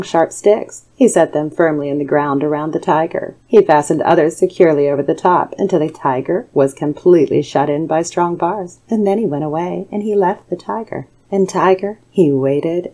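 A woman narrating a calm bedtime story in a soothing, measured way, recorded as a studio voice-over. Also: low-pitched, rough recording.

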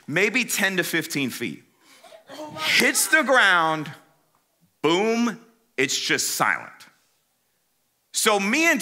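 A man tells a funny sermon story to a youth crowd, his voice bright and forceful. His pitch leaps up and down as he swings between loud bursts and hushed asides. He talks in casual slang, straight to the room. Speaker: youth conference speaker.

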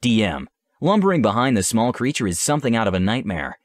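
Lively male game-master storyteller. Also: lowish voice, fast, dry recording, clean studio sound. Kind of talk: scripted story narration.

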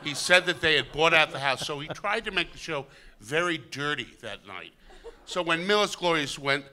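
A man's voice: fairly high pitch, expressive, moderate pace. A man, an actor, telling an anecdote on stage, stammering and acting out quoted lines. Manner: stammering storyteller who acts out lines loudly. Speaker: actor guest.

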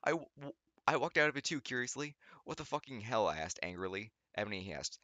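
A man's voice: mid-range voice, very animated, fast talker, pushed and bright, no echo, lo-fi sound. A man reading a text aloud for comedy, stumbling over words, groaning and cutting in with sarcastic remarks. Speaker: YouTuber reading fanfiction aloud. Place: home studio.

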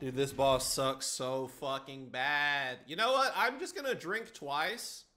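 A young adult man streams a game live, trash-talking and teasing his chat with plenty of swearing. His medium-pitched voice comes across pushed and bright, though he takes his time speaking.

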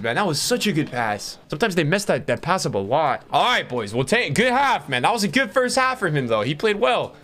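Speaking a little fast with hardly any pauses, this young man has a fairly high voice. He's a gaming streamer playing a football video game, excitable and foul-mouthed, chatting casually with his viewers.

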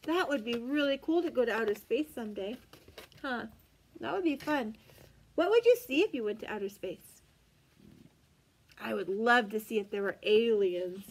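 A woman's voice: a little high, animated, normal speed, long pauses. A young woman, a teacher, reading a picture book aloud to young children with gasps and exaggerated sing-song wonder. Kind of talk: read-aloud storytime.

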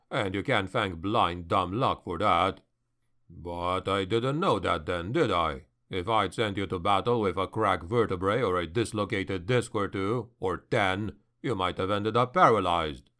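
A man voicing a blunt male military surgeon who lectures slowly and sternly. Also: low voice, fairly bright tone, pitched below the performer's own voice.

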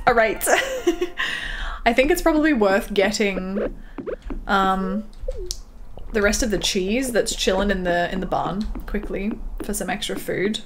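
A young woman streaming a farming game, chatting casually, reading her chat aloud and giggling often while playing. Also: mid-range voice. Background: game music.

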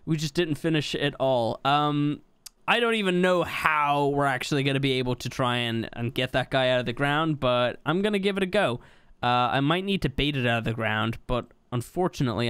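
A young man giving casual gameplay commentary, chatty and exasperated, with sudden high-pitched yelps of surprise. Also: fairly quick, fairly bright tone, clear, resonant tone, no echo. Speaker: gaming YouTuber.

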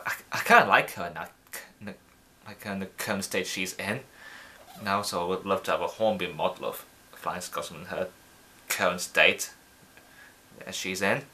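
A man's voice: lowish voice, pushed and bright. A young man from the UK giving rambling, chatty commentary while playing a game, often restarting his sentences. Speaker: let's play host. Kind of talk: casual gameplay commentary.

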